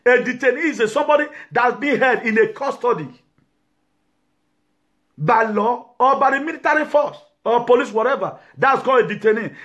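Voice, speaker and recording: A man's voice: very high-pitched, bright, forceful tone. A man, lecturing and ranting to camera as an activist host, mixing English with Yoruba and pidgin. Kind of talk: impassioned talk to camera.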